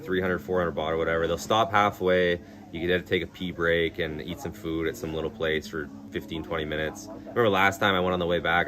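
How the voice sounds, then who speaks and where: Blunt, low-voiced young guy streaming. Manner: blunt, swears a lot, many "like" fillers. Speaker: live streamer. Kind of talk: casual live-stream chat. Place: outdoors in a town at night. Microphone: phone. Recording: music playing behind.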